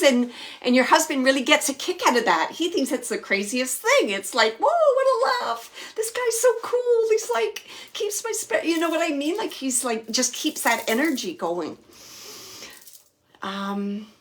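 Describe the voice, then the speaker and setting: A woman hosting a live psychic reading, relaying messages to a sitter in a searching, hesitant way with many fillers and soft, near-whispered asides. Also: on the high side. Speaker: psychic medium host.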